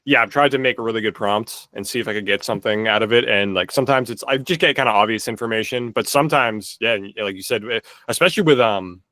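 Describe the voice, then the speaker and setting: Rambling young man with a bright, dry voice. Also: lowish voice, fast talker, hardly any pauses, no room sound. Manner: rambling, many "like" fillers and restarts. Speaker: podcast co-host. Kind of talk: casual chat.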